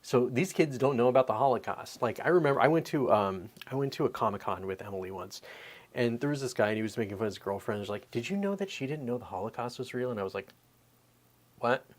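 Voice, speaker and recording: A man in his thirties hosting a podcast, ranting in a profane, animated, rambling way. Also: mid-range voice, fast. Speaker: podcast host. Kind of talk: casual opinion rant.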